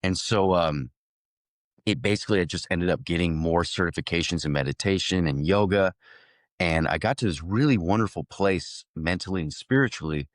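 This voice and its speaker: Low-voiced man telling an animated story. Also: normal speed, dry recording, studio quality. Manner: animated, laughs often, many restarts. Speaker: actor guest. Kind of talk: casual storytelling.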